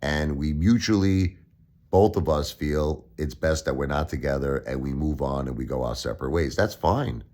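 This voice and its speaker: Older Brooklyn-raised man with a very deep voice, aggrieved and repetitive vlog monologue to camera. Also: normal speed, darkish tone. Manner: pleading and aggrieved, repeats phrases. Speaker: YouTuber.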